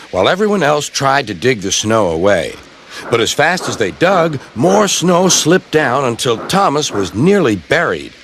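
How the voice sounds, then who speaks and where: A man reading children's train stories aloud in a lively storybook narration. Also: slight background noise. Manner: lively, jumps high for characters' cries. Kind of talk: storybook narration with character voices. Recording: music playing behind.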